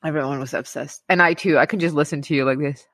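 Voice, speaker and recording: A woman's voice: deep voice, steady tone, fast talker, fairly bright tone, no echo. A woman hosting a podcast in a blunt, chatty way, laughing often. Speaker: podcast host. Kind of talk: casual podcast chat.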